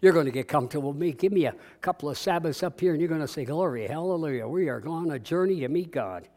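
Male pastor, higher-pitched voice, folksy call-and-response sermon in a church. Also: animated, fast talker, darkish tone. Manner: conversational preaching with call-and-response, acting out dialogue. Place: church sanctuary.

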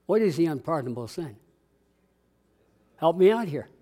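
A man's voice: fairly high pitch, sing-song, normal speed, warm tone. A man preaching a conversational sermon, acting out dialogue and drawing responses from the congregation. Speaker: pastor. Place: church sanctuary.

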